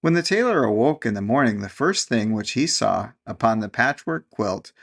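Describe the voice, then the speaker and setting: A man reading a classic storybook aloud in a gentle, measured narration. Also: medium pitch, very animated, vocal fry.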